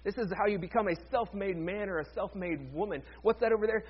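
A man with a high, husky voice preaches a sermon, chatting easily with the congregation and tossing in jokes along the way. The sound is dull and lo-fi. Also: quick pace. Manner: conversational, joking asides to the congregation. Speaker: pastor.

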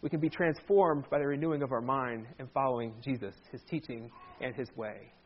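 A man's voice: medium pitch, a little fast, breathy edge, highs cut off. A man preaching a sermon as pastor in a church, conversational with joking asides.

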